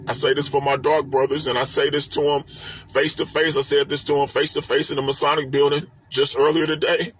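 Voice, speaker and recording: A male live-stream host, recorded on a phone or webcam, walks through a spiritual text in a brisk, level tone. The voice is husky, slightly high, and a bit bright. He hammers his points with emphatic repetition and rhetorical questions, like a preacher.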